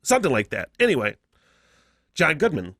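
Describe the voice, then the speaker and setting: A man's voice: a little high, wildly swooping pitch, moderate pace, fairly bright tone, husky, no room sound. An American man hosting a casual solo podcast, profane and laughing often, on a close mic. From United States. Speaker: podcast host.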